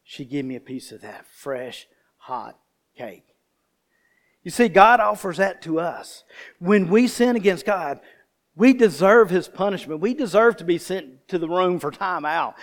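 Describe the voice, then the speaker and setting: Man, pastor, folksy sermon storytelling. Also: a little high. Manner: folksy storytelling, addresses the congregation directly.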